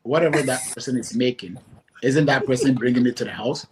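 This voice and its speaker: A man's voice: mid-range voice, fairly quick. A man speaks as a guest on a live-streamed panel, probing the others with questions and the odd light laugh. Faint background noise sits behind his voice. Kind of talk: casual panel chat.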